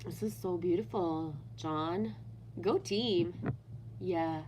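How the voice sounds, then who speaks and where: A woman's voice: lowish voice, slow, a little mellow, a little hiss or hum. A woman hosting a casual livestream, reading viewer comments aloud and ranting animatedly with constant swearing. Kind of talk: casual unscripted livestream chat.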